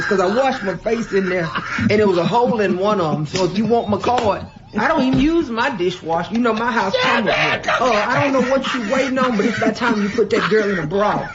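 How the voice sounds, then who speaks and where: A man's voice: high voice, lively intonation, fairly quick. A comedian doing a fussy, bossy older Southern mother character, scolding and handing out rambling homespun advice. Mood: fussing. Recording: muffled radio audio with loud hiss.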